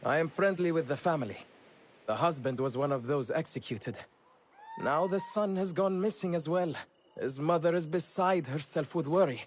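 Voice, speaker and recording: An actor playing a secretive, conspiratorial informant in a video game. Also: male voice, fairly high pitch, normal speed, lightly acted. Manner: conspiratorial, hushed at times. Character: secretive, excitable male informant. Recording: game audio with faint ambience.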